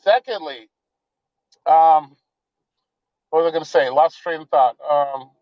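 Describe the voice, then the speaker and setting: A man calls in over a dull, dry remote line in a high voice. He confronts the host bluntly, with lots of swearing. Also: unhurried, no room sound. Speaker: caller. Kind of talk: blunt call-in criticism. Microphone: remote call-in.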